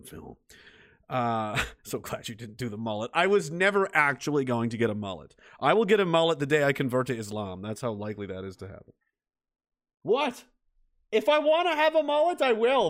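A man's voice: on the high side, no echo, clean studio sound. Sarcastic, swearing male livestream host. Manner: profane, sarcastic, laughs often, swings from mutters to outbursts. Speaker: livestream host reading viewer chat. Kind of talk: casual livestream chat.

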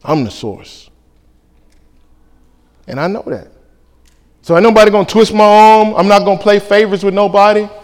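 A male pastor preaching a sermon, lively and colloquial, acting out back-and-forth dialogues. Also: high-pitched, moderate pace, pauses often, smooth. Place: church sanctuary. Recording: reverberant church hall.

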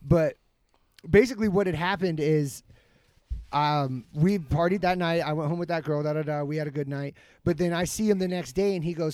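A man's voice: on the high side, normal speed, a little mellow, no echo. A young man in casual chat who tells a profane party story, laughing often and acting out the quotes.

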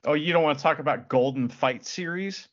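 A man co-hosting a casual wrestling podcast, joking and animated, often laughing. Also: a little high, a little fast, muffled recording. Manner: joking, animated, breaks into laughter and shouted crowd impressions. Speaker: podcast co-host.

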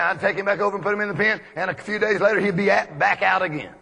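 A man from Texas, preaching a folksy storytelling sermon full of animated anecdotes. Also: high voice, quick pace, creaky, few pauses. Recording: long echoey hall reverb.

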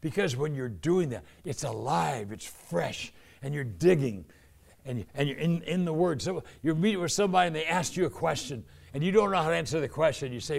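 Male preacher, slightly high pitch, animated sermon delivery, acts out the dialogue in his stories. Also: brisk, creaky. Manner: animated, swings between loud emphasis and hushed asides. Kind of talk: sermon storytelling.

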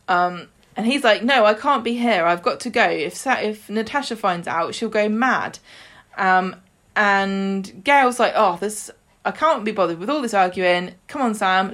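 Medium-pitched and fairly bright, a female podcast co-host chats casually about a soap, animatedly reenacting scenes, doing character impressions, and laughing frequently.

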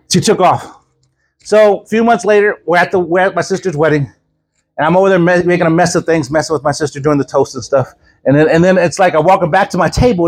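A man preaching, telling a story with lively acted-out dialogue and frequent laughter. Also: sits high, breathy edge. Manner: animated, acts out dialogue, laughs often. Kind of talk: storytelling sermon.

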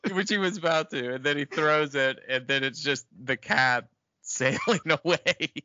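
A man's voice: a little high, normal speed, no echo, dull audio. A man co-hosting a casual chat, joking and acting out lines from a film's plot with laughs. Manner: lively, jokes and acts out lines with laughs. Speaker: podcast co-host. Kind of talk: casual movie recap chat.

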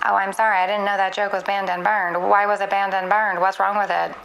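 A woman's voice playing an earnest, literal chatbot assistant in a comedy skit, polite and quick to apologize. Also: medium pitch, level tone, vocal fry, fairly bright tone, low-quality recording.

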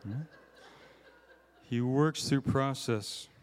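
A man's voice: mid-range voice, drawn-out words, clean tone. Man preaching in a reverberant hall. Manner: conversational, self-deprecating, frequent "right?" asides. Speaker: conference speaker. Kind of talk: sermon.

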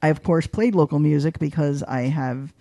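Chatty woman interviewee, gravelly and warm, lively storyteller. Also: moderate pace, dry recording. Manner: chatty and animated, with many fillers; voices quoted people with big pitch jumps. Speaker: guest, arts journalist. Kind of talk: casual interview conversation.

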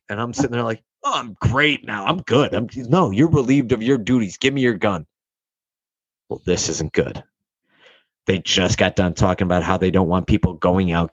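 A man's voice: lowish voice, husky, no echo, dull audio. A young man telling a rambling, profane story in casual chat, acting out the people he quotes.

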